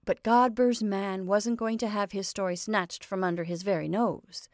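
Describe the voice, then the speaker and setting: Brief: woman narrator, measured storybook reading, mid pitch, dry room. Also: steady tone, no room sound.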